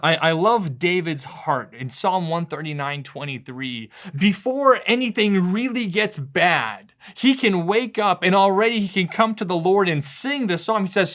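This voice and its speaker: Man, pastor, short devotional sermon, earnest storytelling, repeats words, fairly high voice. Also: moderate pace, few pauses, fairly bright tone.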